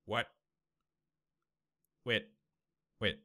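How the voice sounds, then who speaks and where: Young male let's-player; high, wildly swinging pitch, excitable and goofy, music in the back. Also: moderate pace. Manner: excitable, shouty, goofy, laughs a lot. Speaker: gamer. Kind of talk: let's-play commentary.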